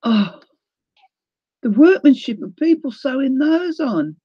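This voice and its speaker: A woman's voice: sits high, very animated, slow pace, long pauses, dry recording, dull audio. A woman hosting a casual live crafting unboxing, gushing and tearful as she talks to viewers. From New Zealand. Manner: gushing, emotional, exclaiming. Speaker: crafting livestream host.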